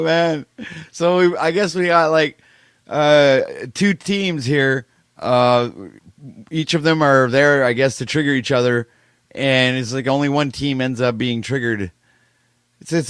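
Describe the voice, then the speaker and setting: Man, stream organizer, relaxed, amused, smooth resonant voice, dry sound. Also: on the high side, unhurried, dry recording. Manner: laid-back, amused, hesitant fillers. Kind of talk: casual live stream chat.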